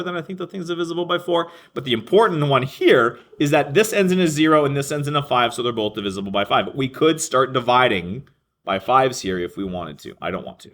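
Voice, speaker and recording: Man, math teacher, classroom lesson, thinks out loud, corrects himself, calls on students. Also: medium pitch. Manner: thinks aloud, self-correcting, addresses students by name.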